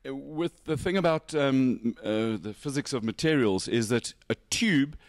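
A man's voice: mid-range voice, animated, a little slow, dry recording, studio quality. Gushing man showing a car. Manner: enthusiastic, joking, gushing over details. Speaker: motorsport show host. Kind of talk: casual walkaround chat.

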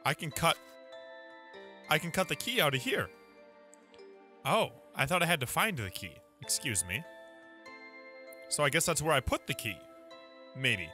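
A young man giving animated, jumpy commentary while playing a horror game, often exclaiming and laughing. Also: fairly high pitch, measured pace, long pauses. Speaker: let's play gamer. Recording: music loud behind voice. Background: game music.

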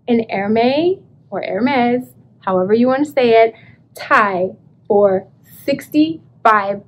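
A woman vlogging about thrift finds, chatty and animated, telling her story with excited bursts. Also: a little high. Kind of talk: casual vlog, showing thrift finds.

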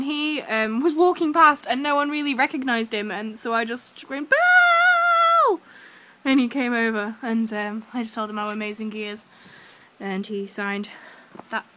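A woman's voice: on the high side, pushed and bright, slight background noise. Gushing young woman vlogging. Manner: gushing, breathless, full of fillers. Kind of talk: excited casual chat.

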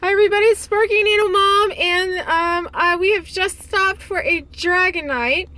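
A woman with a very high voice chatting casually for her vlog. She gushes with excitement, exclaims freely and laughs often. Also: normal speed, faint music behind. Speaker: vlogger.

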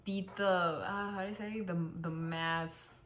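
A young woman from Mexico chatting in a casual band vlog, sometimes pausing to search for words. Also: lowish voice, fairly even intonation, crowd noise. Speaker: band member vlogging. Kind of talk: casual group chat.

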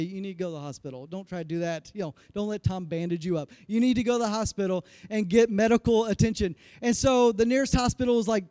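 A man in his forties preaches from the pulpit, with a voice that sits very high for a man. He tells a story from his own life in an animated way and pokes fun at himself. The sound is dry and close, with almost no room echo. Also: smooth. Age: 40s. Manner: animated, self-deprecating storytelling. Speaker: pastor. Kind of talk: sermon with personal story.

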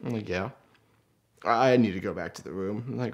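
A man's voice: lowish voice, normal speed. A young man telling a story in a casual, self-mocking way, acting out what he and his friends said. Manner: animated, self-mocking, acts out quoted lines.

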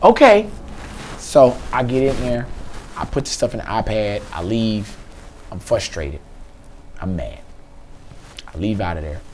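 A man's voice: on the low side, animated, unhurried, pauses often, a little mellow, slight background noise. A man hosting a podcast, telling a comic story and acting out both sides of a phone call. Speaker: podcast host. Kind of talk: comedic storytelling.

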